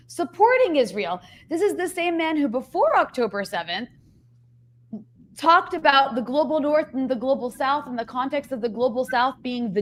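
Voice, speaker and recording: A woman's voice: high voice, a little hiss or hum. A woman hosting a live online interview, talking in a candid, conversational way and sharply critical. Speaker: show host.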